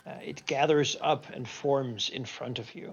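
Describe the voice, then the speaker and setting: A man narrating as game master, describing the scene in halting phrases with fillers. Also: mid-range voice, steady tone, gravelly, breathy edge, highs cut off.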